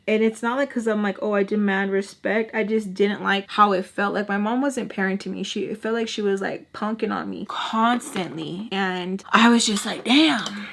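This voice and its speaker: A young woman telling a personal storytime vlog in a casual, animated way, acting out the voices of the people she quotes. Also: medium pitch, gravelly. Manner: animated, acts out quoted voices, says y'all. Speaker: storytime vlogger.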